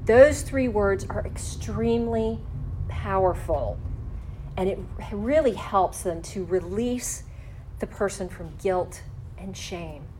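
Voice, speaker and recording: A woman teaching a faith-based lesson on forgiveness step by step, slowing down to stress key phrases. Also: mid-range voice, a little mellow, a little hiss or hum. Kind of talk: faith-based instructional talk.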